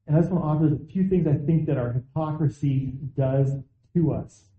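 A man preaching a sermon in a relaxed, conversational way, acting out the voices of people he quotes. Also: on the high side, fairly quick. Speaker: pastor. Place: church. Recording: echoey, tinny phone-like sound.

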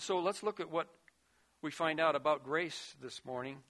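Man, pastor, sermon, bright voice, fairly high pitch, loud then hushed. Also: normal speed, a little hiss or hum. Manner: earnest preaching, swings between loud emphasis and hushed quiet.

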